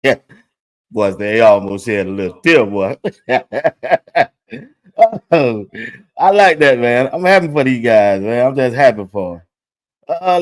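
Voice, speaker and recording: Man, sports commentary host, lively and chatty with his audience. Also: fairly low pitch. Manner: excited, chatty, talks to viewers directly. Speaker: sports talk show host. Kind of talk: casual commentary over video clips.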